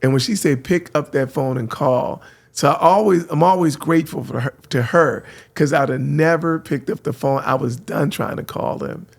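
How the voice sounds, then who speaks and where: A middle-aged man from San Francisco, a radio host telling lively stories, acting out voices and laughing often. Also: a little high, moderate pace, gravelly. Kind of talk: animated storytelling.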